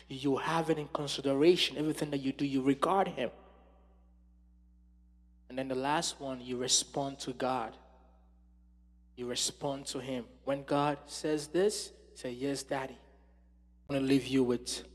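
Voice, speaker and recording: A man preaching a sermon with passion, swinging from loud exclamations to hushed tones. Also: medium pitch. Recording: long hall reverb.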